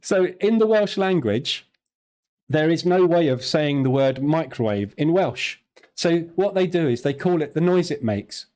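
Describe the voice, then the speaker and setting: Speaking with a medium-pitched, darkish voice, a middle-aged man with a southern English accent runs a live trading stream. He chats casually, jokes around, laughs readily, and responds aloud to viewers' questions.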